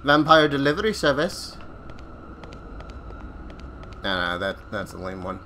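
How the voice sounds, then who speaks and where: A let's player casually comments on a video game, joking and yelping whenever he's startled. His medium-pitched voice is very animated and sharp, at a measured pace, with a little hiss or hum.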